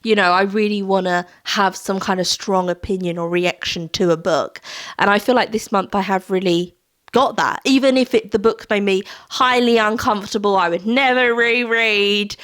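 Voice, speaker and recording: Book vlogger, woman, mid-pitched, earnest and meandering, casual to-camera chat. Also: normal speed, fairly bright tone. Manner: heartfelt, rambling, with many fillers and restarts. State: tearful at times. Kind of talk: casual monthly reading wrap-up.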